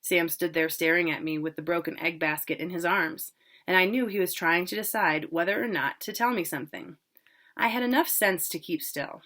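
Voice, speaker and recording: Woman calmly reading a novel aloud. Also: on the low side. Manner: plain, unhurried, with casual asides about pronunciation. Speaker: reader. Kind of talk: reading a novel aloud, first-person narration.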